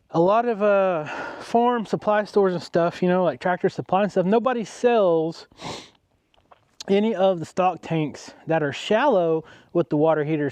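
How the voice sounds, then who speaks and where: A man's voice: sits high, darkish tone, smooth, no room sound. A man, an easygoing farmer chatting outdoors on his farm and talking to his animals. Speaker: farmer, vlogger. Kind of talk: casual farm vlog.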